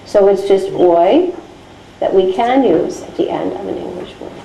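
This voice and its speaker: A woman teaching a class, slowly dictating phonics sounds for a test and explaining how each is said. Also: medium pitch, animated, creaky, mellow, echoey room, slight background noise, rough recording. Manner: slow, deliberate dictation of sounds.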